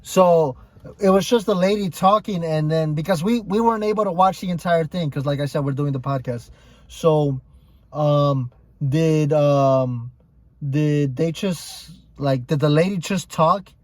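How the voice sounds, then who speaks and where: A man's voice: fairly high pitch, measured pace, a little mellow, no echo. Young man hosting a loose podcast. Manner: loose, profane, repeats himself. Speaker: podcast host. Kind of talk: casual podcast chat.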